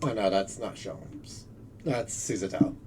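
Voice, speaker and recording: A man's voice: fairly low pitch, measured pace, noisy background. A man streaming a game, making self-deprecating asides between voiced lines. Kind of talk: casual game stream commentary. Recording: game music behind.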